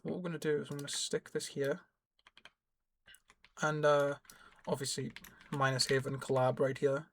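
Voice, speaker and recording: A man's voice: on the high side, level tone, moderate pace, pauses often, slight background noise. A young man giving casual, rambling gameplay tutorial commentary, correcting himself as he explains. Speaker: gaming YouTuber.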